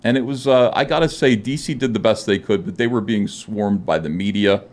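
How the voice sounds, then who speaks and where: A man's voice: on the low side, fairly quick. A middle-aged man, a guest comic artist, telling his story in a podcast interview, rambling with many "uh" fillers and acting out quoted dialogue. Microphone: studio podcast microphone.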